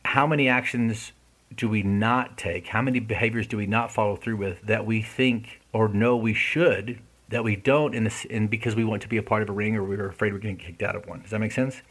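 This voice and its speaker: Guy, slightly low husky voice, talking earnest and casual, keeps asking if it makes sense. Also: steady tone, brisk, fairly bright tone. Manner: earnest, conversational, asks listeners questions. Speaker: speaker discussing an essay. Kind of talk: casual reflective talk.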